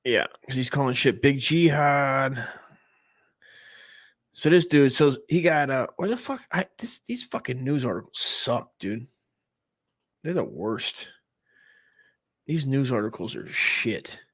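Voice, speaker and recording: Profane rambling guy in his 40s, mid-pitched, dry close sound, keeps trailing off. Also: very animated, slow pace, pauses often, no echo. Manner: crude, rambling, trails off and restarts, mock voices for others. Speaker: comedy podcast host. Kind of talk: rambling profane comedic monologue.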